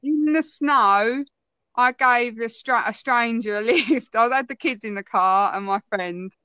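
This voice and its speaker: A woman chatting as a guest, telling lively stories and laughing often. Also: fairly high pitch, unhurried, dry recording, poor audio. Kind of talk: casual conversation.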